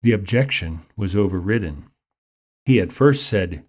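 A man preaching a sermon in a measured, explanatory teaching manner. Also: on the low side, lively intonation, darkish tone.

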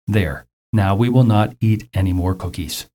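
A friendly, sensible male frog from a storybook, read aloud by a man. He explains things patiently and earnestly in a low, mellow voice. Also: moderate pace, close to an everyday voice.

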